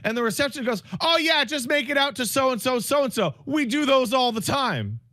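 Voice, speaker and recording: Podcast co-host, man in his 30s, high, bright voice, dry close sound, excitable storyteller. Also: moderate pace, dry recording. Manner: excitable, mimics people in his story, swears. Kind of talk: animated storytelling chat.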